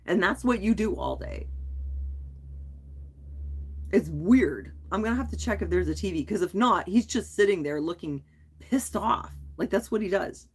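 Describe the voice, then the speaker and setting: A woman vlogger chats casually on a live stream, telling a rambling, animated story and frequently restarting her sentences. Her husky voice sits at medium pitch and normal speed, with frequent pauses.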